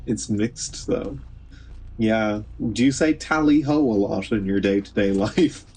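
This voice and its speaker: Low-voiced Irish man teasing his chat. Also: slow, warm tone, soft background music. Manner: teasing, joking, laughs often. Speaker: livestream host. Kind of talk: casual chat with viewers.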